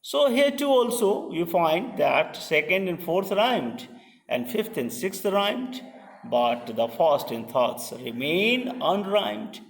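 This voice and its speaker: A man giving a slow, deliberate poetry lecture, asking rhetorical questions and pausing with fillers. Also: high-pitched, big pitch swings. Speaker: literature lecturer. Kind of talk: classroom-style poetry lecture. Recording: distant mic in a reverberant room.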